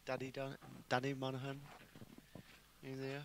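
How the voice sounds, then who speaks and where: A man commentating live on a pool match, chatty and excitable as he reels off a run of scores. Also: medium pitch, normal speed, noisy background.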